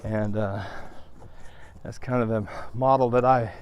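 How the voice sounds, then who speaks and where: A man's voice: lowish voice, fairly even intonation, unhurried, clear, resonant tone, muffled recording. A middle-aged man talking to viewers on a walk, out of breath and subdued, with sighs and restarts. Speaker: vlogger. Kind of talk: casual vlog monologue.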